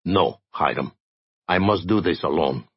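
A man's voice: deep voice, animated, measured pace, husky, no echo, heavily acted. A man voicing a proud, imperious alien nobleman. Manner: formal, imperious. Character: proud emotional male alien aristocrat. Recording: dry, dull lo-fi recording.

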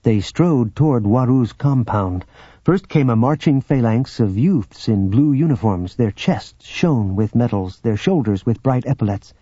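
Husky dark-voiced male narrator. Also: mid-range voice, no room sound. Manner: measured, steady. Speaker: audiobook narrator. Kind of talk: scripted narration. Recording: dull lo-fi audiobook recording.

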